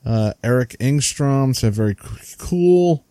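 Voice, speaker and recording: A man with a New Jersey accent chats on a podcast in a relaxed, mellow voice, reading out listener comments and laughing between them. The sound is dry and close. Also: medium pitch, takes it slowly, dry recording. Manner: chatty, laughs while reading names. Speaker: podcast co-host.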